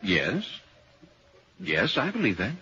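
An actor narrating an old radio drama as a calm, skeptical visitor, telling the story in measured tones and asking level-headed questions. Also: male voice, fairly low pitch, slight background noise, exaggerated voice. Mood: questioning. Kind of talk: 1940s radio acting. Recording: dull old radio recording.

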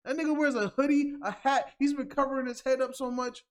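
A man in a casual, animated chat about battle rap, often laughing and mimicking people. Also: extremely high pitch, a little fast, hardly any pauses, clean tone. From New York.

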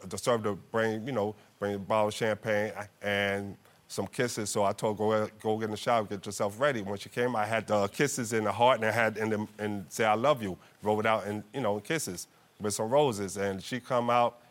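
A man testifying as a husband in a TV court case, playful and animated as he tells his story. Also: on the low side, moderate pace. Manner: playful, animated storyteller who laughs a lot.

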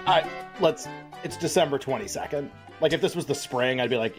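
A man's voice: medium pitch, brisk, soft background music. A man co-hosting a sports betting podcast, chatting in a laid-back way with wry asides. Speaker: podcast co-host. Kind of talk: casual sports betting chat.

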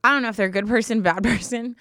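A woman's voice: a little high, creaky, a bit bright, dry recording, clean studio sound. Emotional, dramatic young woman. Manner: emotional, dramatic storytelling, quick to laughs and tears. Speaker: podcast co-host. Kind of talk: casual chat.

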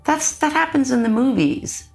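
A mother speaking in an interview, recounting a traumatic night in a halting, pained way, repeating words as she goes. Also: high voice, expressive, soft background music.

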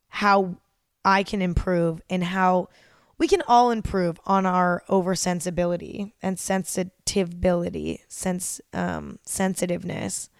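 A woman's voice: lowish voice, dry recording, clean studio sound. A young woman hosting a casual solo podcast, talking openly and rambling, swearing freely as she goes. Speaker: podcast host.

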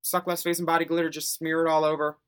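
A man co-hosting a podcast in campy, animated casual chat, quick to laugh and tease. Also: on the high side, clean tone. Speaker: podcast co-host.

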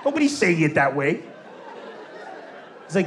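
A man performing stand-up comedy storytelling, animated, bursting into loud shouts as he acts out characters. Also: high-pitched, moderate pace, slight background noise. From Lebanon. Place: large venue with a live audience. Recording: echoey hall with crowd laughter.

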